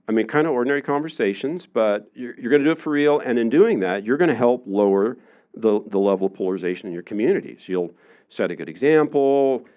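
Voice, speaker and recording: A man's voice: medium pitch, animated, fast. Casual-talking male lecturer, slightly dull sound. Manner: conversational, acts out quoted voices, many fillers. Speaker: university lecturer. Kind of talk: public lecture. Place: lecture room.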